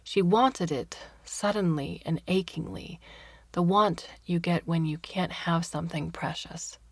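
A woman reading a story aloud in a soft, near-whispered style. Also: fairly low pitch, a little slow, dry recording. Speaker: story reader. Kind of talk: scripted narration.

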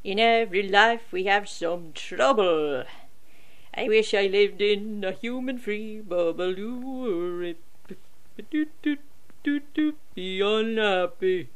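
A woman's voice: mid-range voice, slow, lightly acted. A woman voicing a gloomy toy cat who croons mournful, self-pitying lines in a comic song parody. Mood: glum.

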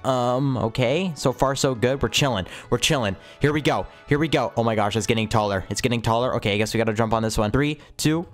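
A man giving excitable let's-play commentary over a video game, gasping and repeating his phrases as he talks to viewers. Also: medium pitch, a little fast, few pauses, faint music behind. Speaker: gaming channel host.

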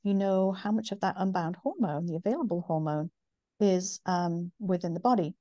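A middle-aged woman from northeast England with a softened northern English accent, explaining things in a measured way with many ums as an interview guest. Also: fairly low pitch, no echo, lo-fi sound. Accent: northern English, softened by decades in the US. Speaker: guest, women's health company founder. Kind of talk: interview conversation.

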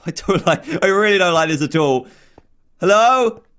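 A man's voice: on the high side, normal speed, fairly bright tone. A man hosting a gaming video, giving jumpy let's-play commentary, exclaiming often and talking to the game's characters.

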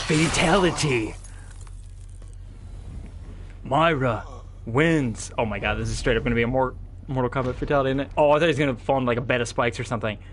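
A man giving let's-play commentary as a streamer, excitable, panicky and swearing often. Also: mid-range voice, slight background noise. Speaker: gameplay streamer. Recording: gameplay audio with game music behind.

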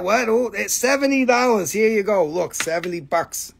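An excitable man hosts a casual live sales stream from home, showing off stones and rattling off prices. His voice sits fairly high for a man, and he swears freely and gushes over how beautiful everything is. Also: moderate pace, vocal fry, husky. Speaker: host selling gemstones on a live stream. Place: home, with his dogs nearby.

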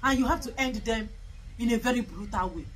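A woman's voice: on the high side, animated, a little fast, poor audio. A woman delivering a fiery, scornful political rant, repeating her points for emphasis. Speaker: political commentator. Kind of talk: impassioned political vlog rant.

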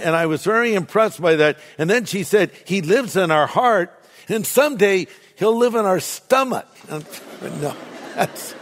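A man's voice: on the high side, in a large hall. An older man preaching a sermon as a pastor, in a casual, joking storytelling manner.

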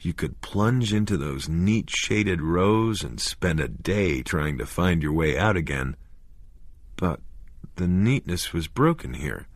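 Deep, slow male audiobook narrator. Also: lively intonation, dry recording, studio quality. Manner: measured and deliberate. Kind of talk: scripted horror narration.

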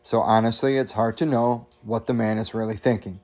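A man's voice: on the low side, steady tone, a little fast, darkish tone. A man casually reading a humorous memoir aloud, chuckling often, coughing now and then, and making chatty asides to his listeners. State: coughing at times. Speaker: audiobook reader.

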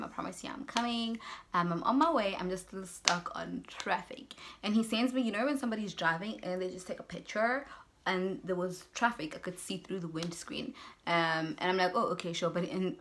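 A woman's voice: on the low side, a little fast, noisy background. A young South African woman telling a personal story in a casual vlog, acting out both sides of the conversations. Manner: animated, switches into Zulu phrases, acts out both sides of conversations. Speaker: YouTuber.

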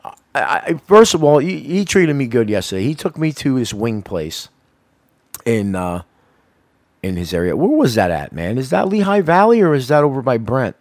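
A man co-hosting a casual radio show, rambling loudly and swearing constantly between laughs. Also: medium pitch, sing-song, normal speed, dry recording. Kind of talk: casual profane radio banter.

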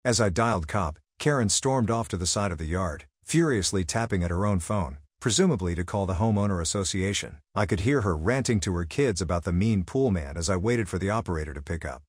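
A man narrating a first-person story in a steady, scripted reading style. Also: low voice, a little fast, few pauses, slightly rough, dry recording, clean studio sound.

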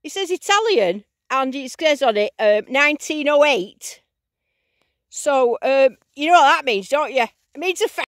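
A woman vlogging outdoors in a field, giving bubbly, excited running commentary as she digs and talking to her finds. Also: sits high, moderate pace, dry recording, clean studio sound. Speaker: metal detecting vlogger.

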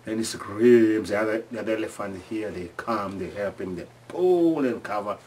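A man telling stories from home in a halting, restarting way, acting out screams and sounds. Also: fairly low pitch, darkish tone, distant mic, slight background noise. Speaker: storyteller. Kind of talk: casual oral storytelling.

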